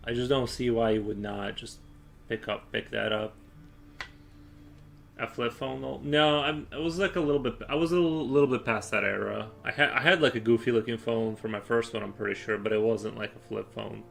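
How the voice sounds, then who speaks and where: Gravelly young man rambling on stream. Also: medium pitch, fairly quick, fairly bright tone. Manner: rambling, hesitant, many fillers and restarts. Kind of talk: casual live-stream chat while drawing.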